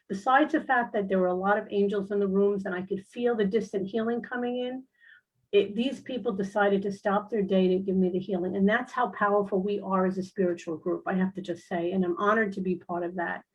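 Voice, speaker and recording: A woman's voice: mid-range voice, normal speed, rough recording. A middle-aged woman speaking as a spiritual guest on an online talk show, telling personal stories in a chatty, earnest way with many fillers. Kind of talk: casual personal storytelling.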